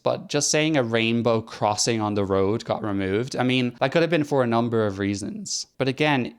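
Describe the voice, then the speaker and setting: A man's voice: medium pitch, clear, resonant tone. A man hosting a commentary vlog, talking in a sarcastic, chatty and mocking way. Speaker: host.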